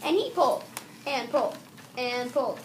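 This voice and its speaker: Woman teacher, high voice, reading a storybook aloud, stops to fix slips, distant mic, faint hiss. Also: expressive, normal speed. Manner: stops to correct herself while reading.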